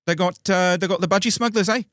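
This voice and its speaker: A cheeky young New Zealand bloke, as a man puts him on with a New Zealand accent, pitched far above his usual voice and louder, breaking into laughter. The lines come out jokey and exaggerated. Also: fast, no room sound, clean studio sound.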